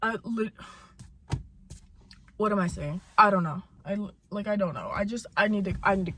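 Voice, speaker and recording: Bright-voiced young woman ranting heatedly. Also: moderate pace, slight background noise. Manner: heated, profane, repeats lines for emphasis; mimics coworker in high sing-song voice. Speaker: vlogger telling a work story. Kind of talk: casual storytime rant.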